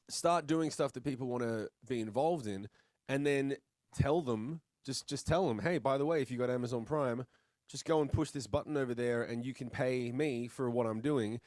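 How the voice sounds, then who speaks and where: A man's voice: medium pitch, moderate pace, darkish tone, no room sound. Laid-back Australian man, dry sound. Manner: laid-back, blunt, chatty, swears casually. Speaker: musician guest. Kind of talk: casual video-call interview.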